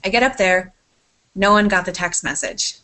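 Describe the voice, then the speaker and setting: A woman chatting on a podcast, telling a long story that keeps wandering off track. She swears casually, keeps apologizing and talks at an ordinary pitch. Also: normal speed, bright, forceful tone. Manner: rambling, sidetracked storytelling. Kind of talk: casual chat.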